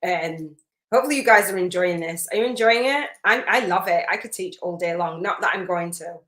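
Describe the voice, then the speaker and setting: A woman's voice: lowish voice, fairly quick. Effusive woman coaching live, roomy sound. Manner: warm, effusive, rambling with many fillers and restarts. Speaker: spiritual business coach hosting a live masterclass. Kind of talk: live-streamed coaching, chatty, reading out viewer comments. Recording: roomy echo.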